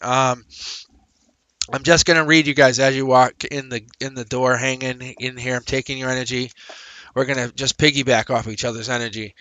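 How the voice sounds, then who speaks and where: A man's voice: medium pitch, steady tone, moderate pace, pushed and bright, smooth, dry recording, low-quality recording. A man hosting a live tarot reading stream, chatting upbeat with viewers as he reads cards, repeating phrases and laughing often. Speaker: tarot reader and livestream host. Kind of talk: casual livestream tarot reading.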